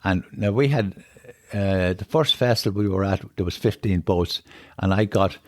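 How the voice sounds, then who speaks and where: Here the older Irish podcast guest sits low in pitch and talks at a normal speed, captured dry and at studio quality. His travel anecdotes wander conversationally, with frequent repetition and a habit of saying "on it." He turns emotional when a memory moves him.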